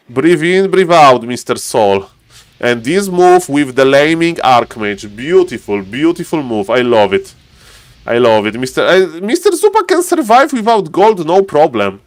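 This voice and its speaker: Game caster, male, slightly high voice, animated with sudden squeals, dry close mic. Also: moderate pace, dry recording. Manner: animated, laughing outbursts, sudden high-pitched yelps. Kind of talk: excited live game commentary.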